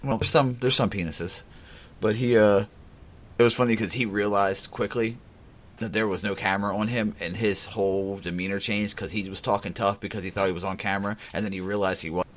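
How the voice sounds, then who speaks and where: Deep-voiced, blunt male podcast host. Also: steady tone, brisk, a little hiss or hum. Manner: blunt, profane storyteller. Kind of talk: casual podcast chat.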